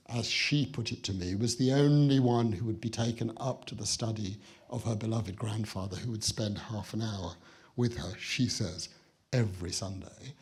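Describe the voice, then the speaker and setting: Husky British man telling a wry story. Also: mid-range voice, a little mellow. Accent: British English. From Britain. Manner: wry, storytelling with dry understatement. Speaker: guest speaker at an exhibition opening. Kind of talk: anecdotal speech to an audience. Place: museum building, speaking to an audience.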